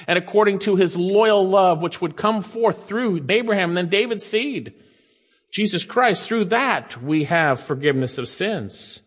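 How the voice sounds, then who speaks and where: Man, pastor preaching, fairly high voice, emphatic then hushed, long reverb. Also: a little slow, husky. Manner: reads scripture aloud, swings between emphatic rises and hushed low asides. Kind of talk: sermon.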